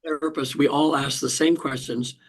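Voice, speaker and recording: An older man, a hypnotherapist guest, tells a personal story in an interview, halting with frequent restarts and throat clearing. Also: fairly high pitch, fairly even intonation.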